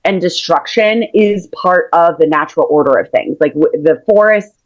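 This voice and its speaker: A woman's voice: on the low side, normal speed. Woman therapist co-host, thoughtful, lots of "like", slightly muffled remote call audio. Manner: thoughtful, uses "like" as a filler often. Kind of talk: casual advice talk.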